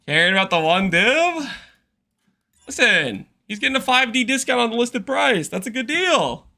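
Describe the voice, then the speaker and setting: A male streamer chatting casually over his game, rambling, repeating phrases and breaking into laughter. His voice sits fairly high and has a very bright, sharp edge. He talks loosely, the way someone does to a live chat. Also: lively intonation, a little slow, creaky, pauses often.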